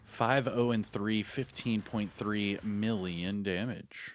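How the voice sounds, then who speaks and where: A man's voice: fairly low pitch, fairly even intonation, slow, faint music behind. A man giving live, hyped, slangy commentary over his own gameplay, talking to himself as he plays. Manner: hyped, slangy, talks to himself while playing. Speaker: gaming YouTuber.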